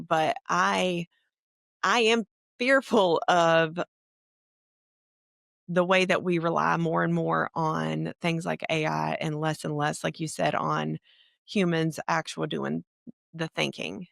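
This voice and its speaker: Gravelly Southern woman, chatty and frank. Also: deep voice, fairly even intonation, measured pace, dry recording, clean studio sound. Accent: American Southern. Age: middle-aged. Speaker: podcast guest. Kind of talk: casual conversation.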